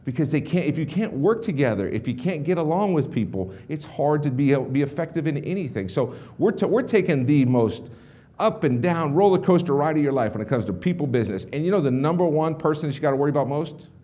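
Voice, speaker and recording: Fast-talking animated man on stage. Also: fairly high pitch, lo-fi sound. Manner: animated, acts out dialogue with restarts and asides. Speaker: motivational speaker presenting to a business audience. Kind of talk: energetic storytelling keynote. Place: conference stage before a large audience.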